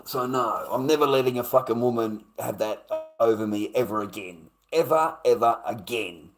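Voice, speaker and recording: A man's voice: mid-range voice, moderate pace, music in the background. An Australian man livestreaming, ranting in a blunt, profane way and repeating his points. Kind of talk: casual live stream rant.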